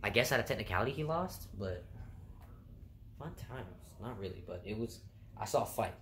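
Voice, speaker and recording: Young male vlogger, lowish pitch, loose chatty storyteller who laughs at his own anecdotes. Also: expressive, normal speed, a bit bright, a little hiss or hum. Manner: rambling, laughs at own stories, swears casually. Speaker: food court worker. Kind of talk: casual storytelling.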